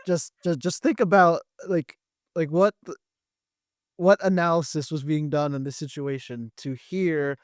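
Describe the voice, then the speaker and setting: A man's voice: a little high, steady tone, unhurried, no room sound. Guy hosting a recap podcast, rambly, keeps restarting sentences, dry close sound. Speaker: podcast host. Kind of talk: casual recap chat.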